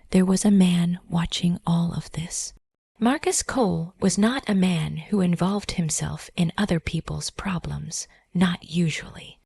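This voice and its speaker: A woman narrating a dramatic story in a soft, breathy whisper, as whispered role-play. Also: fairly low pitch, dry recording.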